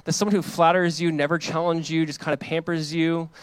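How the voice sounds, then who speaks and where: A man preaching a sermon as pastor, casual and animated, acting out the voices of the people in the passage. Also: on the high side, fairly quick, smooth, no room sound. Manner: animated, acts out quoted voices; casual preaching with many fillers.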